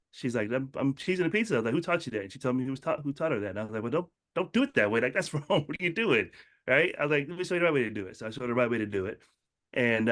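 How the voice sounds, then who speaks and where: A man giving a casual motivational talk, telling personal stories and acting out the people in them with lively changes of voice. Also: medium pitch. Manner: storytelling, acts out quotes in animated voices. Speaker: motivational speaker.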